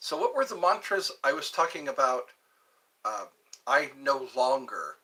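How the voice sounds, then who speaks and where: A man's voice: mid-range voice, very animated, measured pace, bright, forceful tone, low-quality recording. A man from Georgia hosting his own live stream, chatting in a rambling way, jumping between topics and trying out foreign phrases. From Georgia, USA. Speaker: livestream host.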